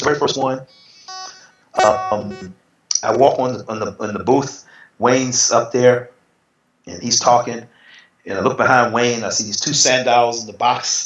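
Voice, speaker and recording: Brief: man, middle-aged, relaxed storyteller who voices other people's lines, roomy slightly dull recording. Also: mid-range voice, unhurried, long pauses, soft background music. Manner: animated, acts out quotes in other voices. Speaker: interview guest, retired bodybuilder. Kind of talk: casual storytelling.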